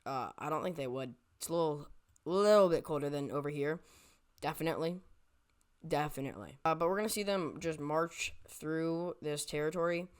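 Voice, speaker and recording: Casual map commentary, rambling, self-correcting, clean smooth voice, mid pitch. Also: moderate pace. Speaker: map video creator.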